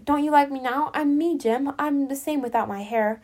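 Woman voicing a young wife, storybook, eager, pleading, fairly high voice. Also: moderate pace, a little mellow, lightly acted. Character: young loving wife, anxious and tender.

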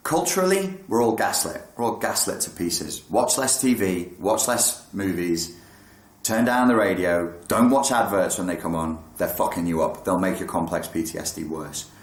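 A man's voice: low voice, normal speed, echoey room. A man talking casually and frankly about meditation, with some swearing. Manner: frank, swears, acts out thoughts in quotes. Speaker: meditation and mental health talker. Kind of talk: casual spoken talk on meditation.

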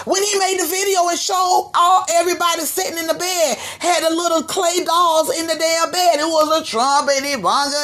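A woman from Florida hosting her own podcast, giving a slangy, animated commentary rant and slipping into mimicry of others. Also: high voice. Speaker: podcast host. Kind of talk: ranting commentary monologue.

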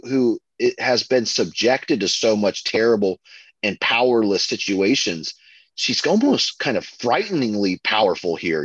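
A man co-hosting a podcast, chatting casually and excitedly about a film, full of fillers and restarts. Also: medium pitch, slightly rough, no echo, muffled recording. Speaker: podcast co-host.

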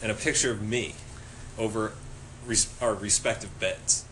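A man hosting a podcast, telling an animated, funny story, laughing and swearing freely as he goes. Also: on the low side, moderate pace, slight background noise. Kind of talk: casual storytelling chat.

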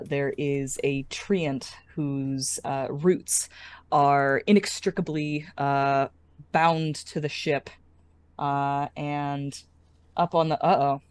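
A woman's voice: deep voice, darkish tone, clean tone. A woman narrating as game master, rambling and hesitant with many fillers.

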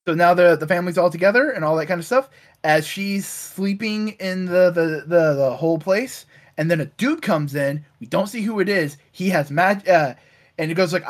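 A man's voice: a little high, brisk. A man casually recapping a comic book issue on a podcast, acting out the characters' lines with lots of "uh" fillers.

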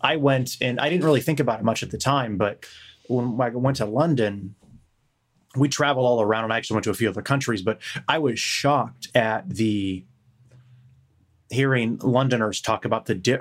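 A man in casual chat, telling a meandering story and swearing now and then. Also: on the low side.

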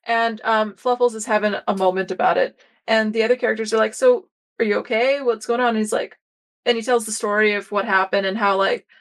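A woman's voice: mid-range voice, a little fast. A young woman hosting a podcast, chatting casually and telling stories in a rambling way with many fillers. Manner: rambling, many fillers and restarts, animated storytelling. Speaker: podcast host. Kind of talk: casual chat.

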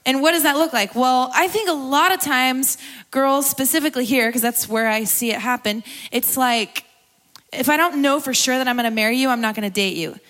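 A woman's voice: high voice, brisk, fairly bright tone. A young woman sharing a candid personal testimony at a church gathering, talking casually and laughing often as she preaches. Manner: candid, conversational, laughs often, tearful at times. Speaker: guest speaker at a church gathering.

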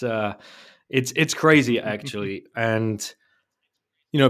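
A man's voice: lowish voice, a bit bright. A man hosting a podcast, chatting casually in an enthusiastic, rambling way. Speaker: podcast host. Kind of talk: casual chat.

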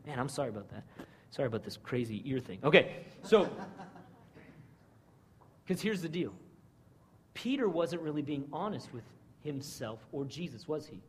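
A man preaching a casual sermon, animated and slangy, often checking in with his listeners. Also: a little high, normal speed, long pauses. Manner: animated, slangy, keeps asking "right?". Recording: long reverb of a hall.

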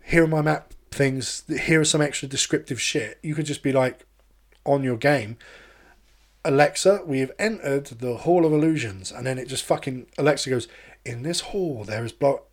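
A podcast host, chatting casually and telling animated, sweary stories. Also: male voice, medium pitch, moderate pace. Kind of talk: casual chat.

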